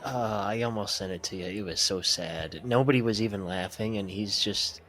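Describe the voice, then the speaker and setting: A man co-hosting a casual podcast chat, chatty and quick with quips. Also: fairly low pitch, fairly bright tone. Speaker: podcast co-host. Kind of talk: casual book-club chat.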